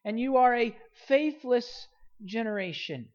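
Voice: medium pitch, expressive, a little slow, dull audio. A pastor preaching a sermon in an earnest manner, with frequent restarts and rising emphasis.

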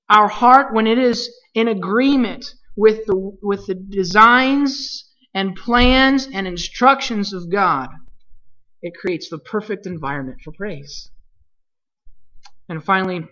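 A Bible teacher leading a study, speaking deliberately and putting questions to the class. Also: medium pitch, sharp tone, highs cut off.

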